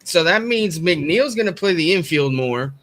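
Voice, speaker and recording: Bright, measured sports podcast co-host. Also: male voice, on the high side, lively intonation. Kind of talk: analytical sports chat.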